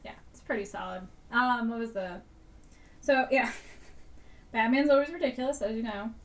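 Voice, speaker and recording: A woman's voice: on the high side, normal speed, recorded from a distance. A woman co-hosting a podcast in casual chat, retelling scenes animatedly with frequent laughter and casual swearing. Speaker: podcast co-host.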